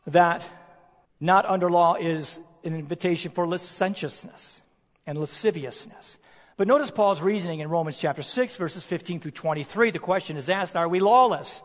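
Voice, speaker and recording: A male preacher delivering a sermon, emphatic, posing rhetorical questions and slowing down to stress key words. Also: high voice. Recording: long reverb of a large hall.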